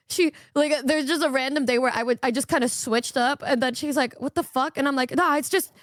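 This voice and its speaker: A woman's voice: sits high, fairly even intonation, no room sound, studio quality. A woman streamer chatting casually, rambling with lots of fillers and swearing. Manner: rambling, swears a lot, fast filler-heavy talk. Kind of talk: casual chat.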